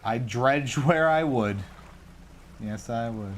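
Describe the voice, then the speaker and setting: A man chats to himself while livestreaming a game, animatedly joking about his own mistakes in casual, self-mocking commentary. His mid-range voice moves at a slow pace, and the audio carries a little hiss or hum.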